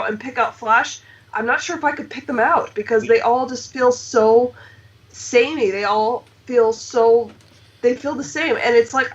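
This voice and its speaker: A woman hosting a casual panel chat over a video call, giving emphatic opinions with many fillers. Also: on the high side. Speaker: host. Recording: distant, dull lo-fi mic.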